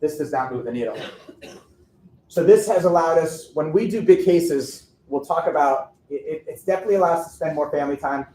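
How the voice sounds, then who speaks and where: Speaking a little quickly in a fairly high, mellow voice, this middle-aged male orthodontist entertains a lecture-room audience with humorous anecdotes at his own expense. The recording carries room echo.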